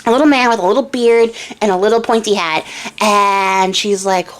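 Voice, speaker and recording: A woman's voice: mid-range voice, moderate pace. A young woman casually retelling a fairy tale for a craft channel, chatty and irreverent with lots of filler.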